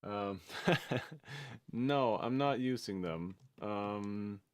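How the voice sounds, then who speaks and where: A man's voice: fairly low pitch, drawn-out words, no echo. A man from Sweden, a music producer talking casually on a livestream, hesitant and full of fillers and restarts.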